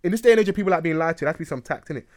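Fast-talking man. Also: fairly high pitch, no room sound, studio quality. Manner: animated storytelling with slang. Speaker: podcast host. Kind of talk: casual podcast banter.

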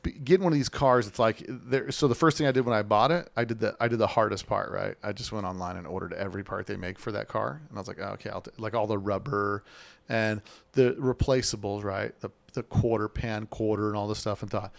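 Male host, gravelly and low, loose rambling storyteller who drops into voices, close dry sound. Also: steady tone, fairly quick, no room sound. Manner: rambling, laughing, acts out voices in quotes. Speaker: show host. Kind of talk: casual chat about classic cars. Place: Las Vegas.

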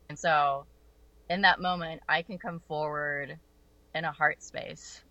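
A woman casually telling a personal story, animated and acting out what people said, swearing freely. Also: low voice, measured pace, dry recording, dull audio. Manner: animated, acts out quoted voices, swears freely.

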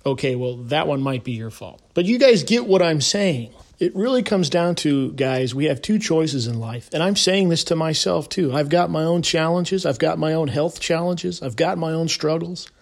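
A middle-aged man hosting a motivational podcast, talking in a preachy, emphatic way that climbs to loud insistence. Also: on the high side, animated, moderate pace, vocal fry, hardly any pauses. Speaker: podcast host. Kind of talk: motivational monologue.

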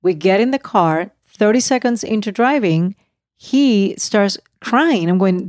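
A woman co-hosting a podcast in casual chat, animated and repeating herself as she talks over her partner. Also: fairly high pitch, moderate pace, dry recording, studio quality. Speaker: podcast co-host.

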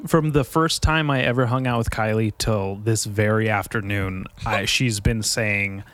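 A man's voice: lowish voice, steady tone, normal speed, hardly any pauses, a bit bright. A man hosting his own podcast in casual chat, joking and mischievous, rambling as he talks. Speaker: podcast host.

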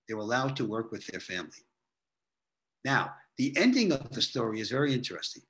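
A man's voice: mid-range voice, sing-song, fairly quick, long pauses, fairly bright tone. A man, a guest on a podcast, telling his clients' case histories in a chatty way, often tagging sentences with "okay?". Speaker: guest, author and therapist. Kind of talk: storytelling in a podcast interview.

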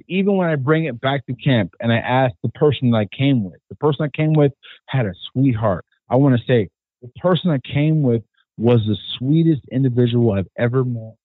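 A man's voice: medium pitch, brisk, no echo. Hesitant man on a phone-like line. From California. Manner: earnest, careful, hesitant with many fillers. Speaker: podcast guest, hunter. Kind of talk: casual podcast conversation. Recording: thin phone-like sound.

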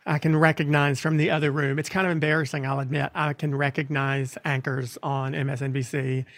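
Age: 40s. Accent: North Carolina Southern. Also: male voice, a little high, flat delivery, brisk, fairly bright tone, dry recording, clean studio sound. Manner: chatty, self-deprecating, laughs often. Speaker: host. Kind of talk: casual conversation.

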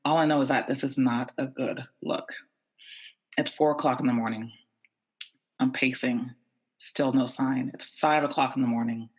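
A man from the United States telling a tense personal story with animated, repetitive buildup. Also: mid-range voice, moderate pace, pauses often.

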